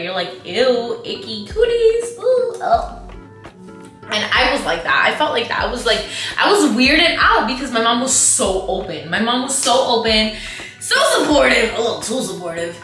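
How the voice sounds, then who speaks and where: A woman's voice: on the high side, quick pace, reverberant, faint music behind. A woman in her twenties, a vlogger telling a story in casual chat, acting out the people she quotes. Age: 20s. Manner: animated, acts out quotes, says like a lot.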